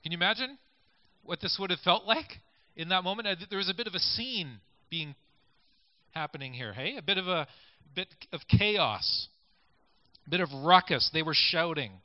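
Man, preacher, conversational sermon, fairly high voice, muffled lo-fi recording. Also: lively intonation, normal speed, dry recording. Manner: conversational, invites listeners to picture scenes. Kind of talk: sermon with scripture reading. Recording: dull lo-fi recording.

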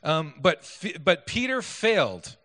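A man's voice: fairly high pitch, big pitch swings, slow pace, bright, forceful tone. A man preaching a sermon in a conversational way, asking his listeners questions and adding self-deprecating asides. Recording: echoey hall.

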